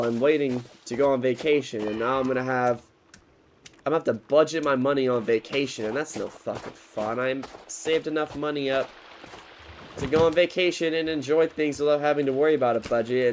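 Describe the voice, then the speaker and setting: A young man in his twenties, mid-range voice and brisk delivery, rants loosely and casually while playing a game, telling a frustrated story full of swearing and restarts. A little hiss or hum sits under the recording.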